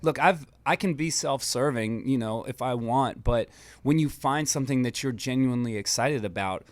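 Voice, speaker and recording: An American man speaks as a radio guest, relaxed and reflective, filling his thoughts with easy pauses. His voice sits at a middle pitch for a man. The studio sound is dry and close. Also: no echo. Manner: relaxed, reflective, with many fillers like you know. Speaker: guest musician and producer. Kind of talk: casual interview chat.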